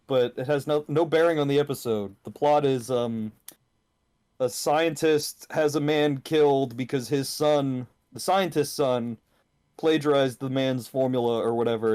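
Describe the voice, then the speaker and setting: A man's voice: medium pitch, darkish tone. A man co-hosting a podcast in a casual, joking chat, often laughing. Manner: laughing, joking, quick to do voices. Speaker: podcast co-host.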